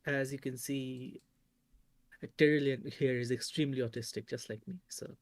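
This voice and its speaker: Male co-host, Indian accent, lively and joking, dry close sound. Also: medium pitch, no room sound. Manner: expressive, quick to agree and joke. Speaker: podcast co-host. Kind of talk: casual livestream chat.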